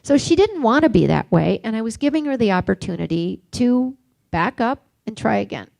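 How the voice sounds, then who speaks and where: Gravelly older woman giving a workshop talk. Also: fairly high pitch, very animated, normal speed, no echo. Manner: reflective, anecdotal, gently questioning. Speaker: workshop speaker.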